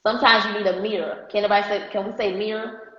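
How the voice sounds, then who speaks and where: A woman's voice: mid-range voice, fairly even intonation, racing. A woman coaching a business class on a live stream, emphatic, repeating her key points and checking in with the audience. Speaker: marketing coach. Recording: echoey dull-sounding live stream audio.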